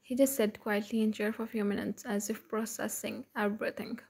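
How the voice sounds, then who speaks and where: A woman reading a fan fiction story aloud in plain, even narration. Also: medium pitch, fairly quick, vocal fry, slightly rough.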